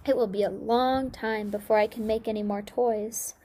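A woman's voice: a little high, steady tone, dark tone, natural voice. Woman voicing a weary old toy maker. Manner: slow, sighing, weak-voiced.

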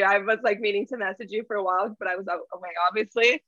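A woman's voice: medium pitch, fast, few pauses, fairly bright tone, no echo, lo-fi sound. A young adult woman guest in casual chat, frank and laughing often, with some swearing, heard through an earbud mic. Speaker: podcast guest.

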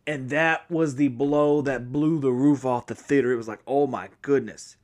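A man's voice: mid-range voice, normal speed. A man talking casually as a podcast host, going over a film from memory. His delivery rambles, with frequent restarts and self-corrections. He apologizes now and then for jumping around. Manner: speaks from memory, apologetic and excitable. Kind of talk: casual spoken movie recap.

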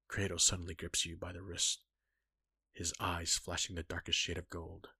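A man reading a second-person fan-fiction story aloud in a husky, breathy, intimate voice. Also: sits low, flat delivery, normal speed, sharp tone, no room sound.

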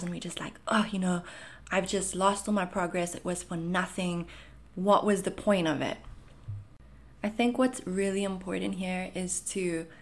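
A woman in her thirties from South Africa, with a South African accent blended with Canadian, talking casually and reassuringly as she answers viewer questions. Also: medium pitch. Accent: South African mixed with Canadian. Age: 30s. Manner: reassuring, chatty, frequent fillers. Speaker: anxiety content creator. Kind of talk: casual Q&A monologue.

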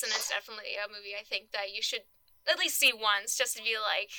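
A young woman co-hosting a casual film podcast, animated and giggly, with lots of "like" and "um". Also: medium pitch, fast, no echo, rough recording. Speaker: podcast co-host. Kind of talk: casual film discussion chat.

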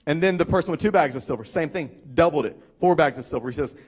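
A man's voice: fairly high pitch, animated, quick pace, breathy edge. A man with a Southern US accent, a pastor preaching a sermon in a conversational storytelling way with self-deprecating asides. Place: church.

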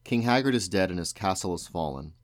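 A man's voice: deep voice, lively intonation, brisk, dry recording. Man voicing a commanding young king, grave and firm, dry sound.

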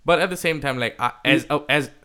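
A man's voice: a little high, fairly quick, sharp tone. Blunt, swearing man on a football podcast. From India. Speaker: podcast host. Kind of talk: casual chat.

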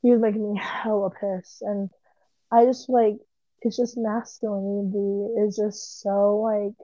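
A young woman talks through a film she just watched, rambling and emotional, her sentences full of "like". Her voice is mellow, and her pitch stays flat. The recording sounds dry and a little dull. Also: a little slow, dry recording. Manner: rambling, heavy use of "like", emotional. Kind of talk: casual movie review chat.

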